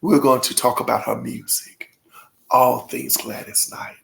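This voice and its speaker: A man's voice: medium pitch, steady tone, unhurried, vocal fry, a bit bright, whispered. A man hosting his own channel, chatting casually and emotionally with viewers in a gushing, folksy way. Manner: folksy, addresses viewers directly. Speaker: channel host. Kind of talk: casual vlog chat to viewers.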